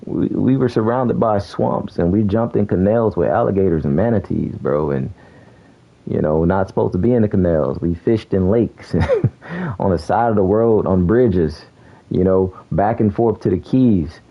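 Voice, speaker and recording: Very low-voiced laid-back young man. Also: lively intonation, unhurried, gravelly, highs cut off. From South Florida. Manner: laid-back, laughs often, says "bro" a lot. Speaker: game streamer. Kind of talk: casual chat while gaming.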